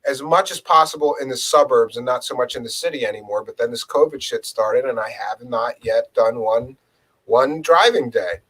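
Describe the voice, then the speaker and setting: A man's voice: mid-range voice, normal speed, a bit bright, slightly rough, rough recording. A man chatting casually and bluntly, swearing and quoting people in his stories. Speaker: co-host, former rideshare driver. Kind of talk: casual storytelling chat.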